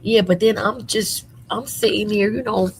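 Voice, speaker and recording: A woman hosting a casual commentary show from her room at home, sassy and animated with lots of slang, a little under the weather. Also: mid-range voice, normal speed, a little hiss or hum, rough recording. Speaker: commentary channel host.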